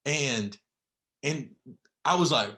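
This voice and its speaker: A young man telling a personal story on a podcast, halting with many fillers and close to tears. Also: medium pitch, lively intonation, sharp tone. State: near tears. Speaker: podcast guest.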